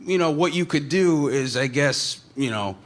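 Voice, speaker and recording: A man imitating an awkward, hesitant older male boss who keeps pausing as he talks. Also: on the high side, animated, natural voice. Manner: halting, full of uhs and pauses.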